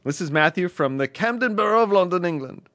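A man's voice: sits high, animated, brisk, a bit bright, dry recording. A man co-hosting a casual podcast, reading listener emails aloud with a joking, laughing manner. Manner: playful, laughs often, slips into a fake British accent. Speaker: podcast co-host.

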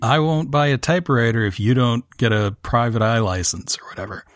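A man co-hosting a podcast, telling stories in an animated, casual way. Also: medium pitch, brisk, no echo, studio quality. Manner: animated storyteller. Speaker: podcast co-host. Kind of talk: casual chat.

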